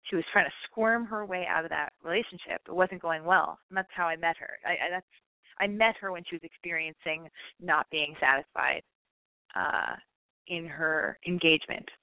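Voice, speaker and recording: This American woman in her thirties speaks at a moderate pace, on the low side, with no room sound but a tinny, phone-like quality. As a podcast host with a slight lisp, she rambles through a casual monologue, swearing freely and teasing herself.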